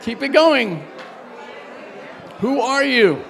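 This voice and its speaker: A man's voice: very high-pitched, very animated, very slow, vocal fry, fairly bright tone, in a large hall, a faint crowd. A man leading a workshop group exercise, coaching and urging the room on with energy. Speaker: workshop presenter.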